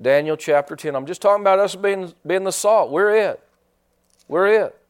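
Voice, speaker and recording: A man's voice: high voice, normal speed, clean tone. Folksy preacher man. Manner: folksy, joking, with many restarts. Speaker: pastor. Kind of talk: sermon.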